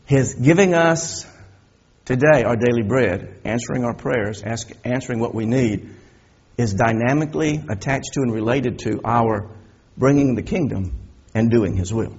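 A man's voice: medium pitch, normal speed, darkish tone, slightly rough, dull audio. A middle-aged man preaching a sermon, building emphasis and asking rhetorical questions of his listeners. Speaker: pastor.

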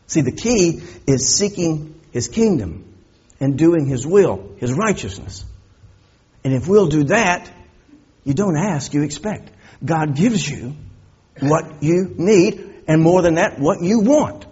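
A man's voice: medium pitch, lively intonation, measured pace, a little mellow, slightly rough, lo-fi sound. A middle-aged man preaching a sermon, building emphasis and asking rhetorical questions of his listeners. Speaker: pastor.

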